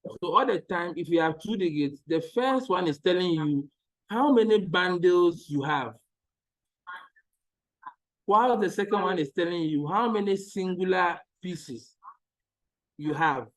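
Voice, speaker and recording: A man's voice: high voice, lively intonation, unhurried, long pauses, low-quality recording. A man teaching maths in an online lesson, patiently repeating each step and checking that the students follow.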